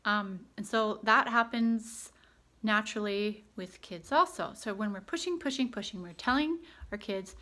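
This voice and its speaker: A woman's voice: mid-range voice, moderate pace, sharp tone. A woman in her thirties, a homeschooling mother, giving earnest, chatty parenting advice with frequent ums. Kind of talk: casual advice vlog.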